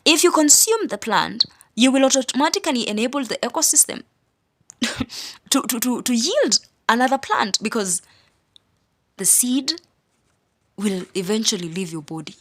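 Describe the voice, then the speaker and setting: A woman's voice: on the high side, expressive, normal speed, long pauses, fairly bright tone. Emphatic woman teaching scripture. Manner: emphatic and repetitive, stressing single words; casual asides amid preaching. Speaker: Bible study teacher.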